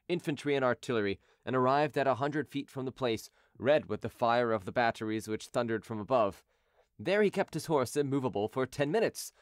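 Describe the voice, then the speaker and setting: A man narrates an audiobook in a steady, measured voice. His pitch sits in the middle range. The recording is dry and close to the mic. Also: dry recording. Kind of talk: scripted narration.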